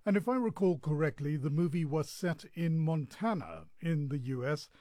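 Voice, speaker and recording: A man's voice: fairly high pitch, expressive, normal speed, dark tone, no room sound, clean studio sound. A male radio presenter introducing classical music on air in an easygoing, chatty way, fighting off a bout of hiccups. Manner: easygoing, chatty with small asides. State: has the hiccups. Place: radio studio.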